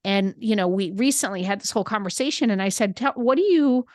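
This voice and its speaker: A middle-aged woman guesting on a podcast, telling a personal story with lively reenacted dialogue. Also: medium pitch, fast, dry recording, studio quality. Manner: animated, quotes herself and her son in dialogue. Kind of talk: candid conversational storytelling.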